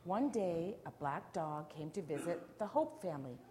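A woman reading a picture book aloud to children, animated, asking them questions and dropping to whispers. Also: on the low side, moderate pace, background noise. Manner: animated, asks the listeners questions, drops to whispers. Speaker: storyteller.

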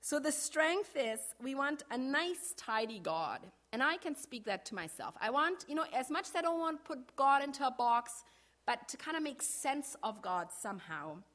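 Middle-aged woman pastor, slightly high voice, measured sermon delivery that slows on key phrases. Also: sing-song, fairly bright tone.

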